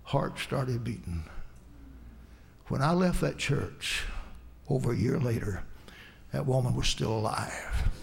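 A man's voice: mid-range voice, animated, takes it slowly, gravelly, pauses often. A man preaching a sermon, telling a personal testimony in an earnest storytelling way, his voice rising in emphatic bursts.

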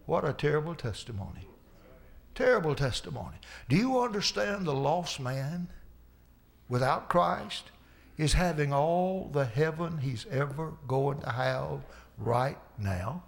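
A man's voice: on the high side, expressive, unhurried, vocal fry. A male preacher giving a folksy sermon, repeating lines for emphasis.

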